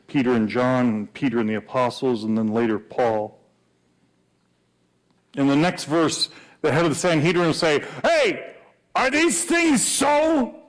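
A male pastor preaching a sermon in a conversational, animated way with fillers and pauses. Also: mid-range voice.

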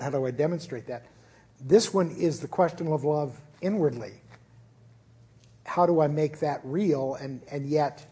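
A man's voice: a little high, dark tone, husky. A man preaching a conversational sermon as pastor at a church service, earnest and informal with frequent restarts.

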